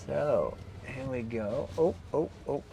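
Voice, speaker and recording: A man's voice: medium pitch, lively intonation, slow pace, gravelly, dark tone, a little hiss or hum. A man hosting a travel vlog, chatting enthusiastically about the scenery while he drives. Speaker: vlog host. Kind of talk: casual travel commentary while driving. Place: inside a small electric car on village streets.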